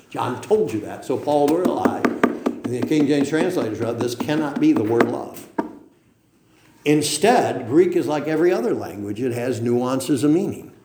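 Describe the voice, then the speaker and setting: A man's voice: medium pitch, darkish tone, slight background noise. A middle-aged man preaching a sermon as pastor, emphatic, firing rhetorical questions and tagging points with "okay?". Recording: very echoey room.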